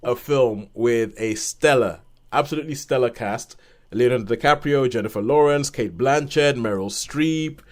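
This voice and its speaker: A man's voice: mid-range voice, moderate pace. Chatty man reviewing films on a podcast. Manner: animated retelling with acted-out quotes and laughs. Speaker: podcast co-host, film reviewer. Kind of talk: casual film review chat.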